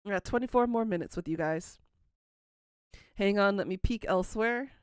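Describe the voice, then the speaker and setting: Her medium-pitched voice is clear and resonant, at a moderate pace, with clean studio sound and no echo. A woman in her thirties, she hosts a livestream, answering viewers in casual chat and teasing them.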